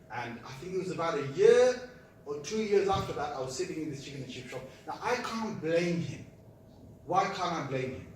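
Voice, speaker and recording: Man, lively storytelling lecture, high voice, booming hall echo, distant from the mic. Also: slight background noise. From Britain. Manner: animated, acts out voices, laughs at his own jokes. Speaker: Islamic lecturer. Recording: echoey hall, speaker far from the mic.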